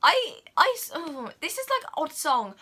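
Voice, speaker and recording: A young woman in a casual vlog, talking fast and gushing about what she loves. Her voice sits fairly high and sounds bright and sharp. She keeps dropping in "like" and "oh my God". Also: a little hiss or hum. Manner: gushing, excitable, full of "like" and "oh my God". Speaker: vlogger reviewing a film. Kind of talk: casual chat.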